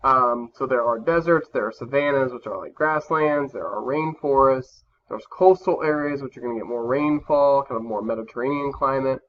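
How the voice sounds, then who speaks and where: A man's voice: mid-range voice, moderate pace, hardly any pauses. A male teacher giving a recorded classroom lesson over slides, talking casually with many fillers and restarts. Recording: slightly dull lo-fi recording with faint background hum.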